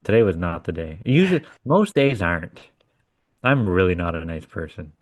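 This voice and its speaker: Man, very low voice, blunt and profane, casual storytelling, dry close sound. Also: very animated, moderate pace, dry recording. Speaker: podcast co-host. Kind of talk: casual chat.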